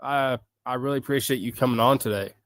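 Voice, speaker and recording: A man's voice: mid-range voice, fast, no echo. A man hosting a podcast in casual chat, joking and teasing his guest. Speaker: podcast host.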